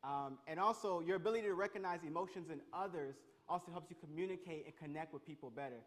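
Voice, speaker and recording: A man leading an interactive Bible lesson, energetic and calling on his listeners. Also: on the high side. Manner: energetic, calls on the crowd, quick restarts. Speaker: youth pastor.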